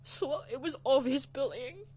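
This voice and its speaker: A young woman telling a personal story in a casual, rambling way, soft and emotional, with lots of fillers. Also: high-pitched, animated, unhurried. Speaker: channel host.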